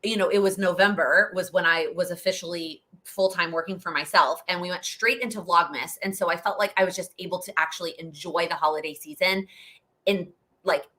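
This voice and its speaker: A woman's voice: fairly low pitch, steady tone, fairly quick, bright, forceful tone. A young woman hosting a live Q&A stream, chatty and rambling, laughing often as she answers questions. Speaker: host.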